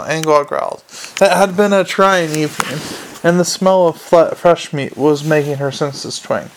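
Gravelly man reading a novel aloud. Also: fairly high pitch, normal speed. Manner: steady narration with small slips and restarts. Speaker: narrator. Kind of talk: amateur audiobook reading.

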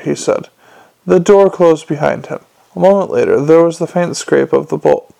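Gravelly male audiobook narrator. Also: on the high side, animated, a little mellow. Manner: measured storytelling, shifting voice between characters. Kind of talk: narrated novel with voiced dialogue.

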